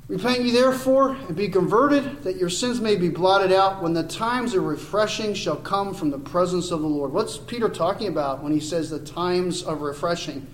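A man with a high voice preaches a verse-by-verse sermon, earnest and rising to emphatic points. His voice rings around an echoey church sanctuary, with faint room ambience behind it. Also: slight background noise. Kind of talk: expository sermon.

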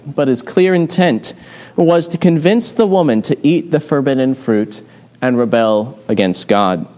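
A man delivering an expository sermon at a middle pitch. He explains the passage step by step in a measured way and often pauses on "uh" as he goes. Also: darkish tone. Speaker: preacher.

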